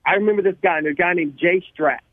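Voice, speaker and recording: A man from Louisiana, telling his life story as a radio guest, animated and laughing, often repeating words. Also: high voice, quick pace, no echo. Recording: tinny phone line, dry.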